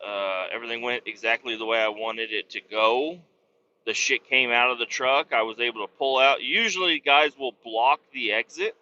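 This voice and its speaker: A man's voice: mid-range voice, moderate pace, pushed and bright, slight background noise. A man driving a truck and hosting a podcast, telling a profane, self-mocking story in a casual rambling way, a little wheezy. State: slightly wheezy. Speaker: truck driver and podcast host. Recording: slightly dull lo-fi sound.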